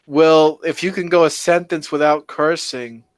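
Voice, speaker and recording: A man co-hosts a casual podcast stream, reading out viewer comments and hedging with frequent "I mean"s. His voice is smooth and clear, slightly high, and sounds dry and close to the mic. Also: fairly even intonation, no echo. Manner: slow, hedging, reads chat comments aloud. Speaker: podcast co-host. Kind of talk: casual livestream chat.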